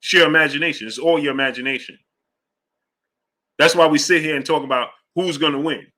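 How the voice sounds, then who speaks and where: A man hosting a casual boxing livestream, rambling loosely between fan shout-outs and fight talk. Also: a little high, brisk. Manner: loose, rambling, drifts off track. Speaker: host of a live boxing show. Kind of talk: casual livestream chat reading super chats.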